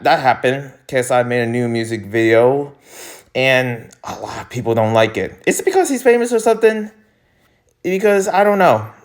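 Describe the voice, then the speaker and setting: A young man hosting a casual commentary vlog, rambling and laughing, with sudden jumps in pitch. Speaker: YouTuber host.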